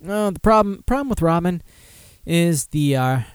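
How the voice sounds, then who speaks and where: The recording is clean with no room sound, and the man's voice sits on the high side at a moderate pace. Hosting a podcast, he casually reads through food and beer pairings, swearing heavily, animated, and interrupting himself with comments.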